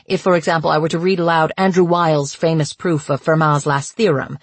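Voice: medium pitch, level tone, dry recording, close to an everyday voice. A narrator voicing a nervous young male academic with a vaguely British accent. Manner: nervous, halting delivery.

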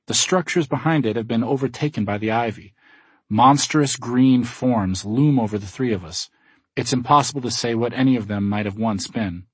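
A man narrating a first-person audiobook in a wry, low-key way. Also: moderate pace, slightly rough, no echo.

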